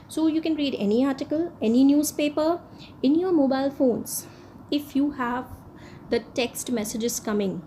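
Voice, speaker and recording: Lady teaching online, pretty high voice, keeps going "yes" and answering her own questions. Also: dark tone, slight background noise, rough recording. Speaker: English teacher. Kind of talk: online English lesson.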